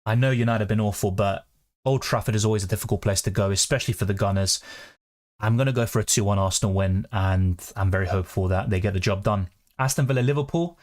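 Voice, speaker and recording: A young man hosting a live question-and-answer stream, chatting quickly and reading out viewer comments. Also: lowish voice, a little mellow. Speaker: fantasy football streamer.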